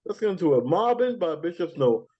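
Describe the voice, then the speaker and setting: A man's voice: on the high side, very animated, a little fast, husky, lo-fi sound. A man hosting a music countdown podcast in a casual, chatty way. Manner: chatty, with frequent fillers and laughs. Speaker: podcast host. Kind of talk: casual countdown show chat.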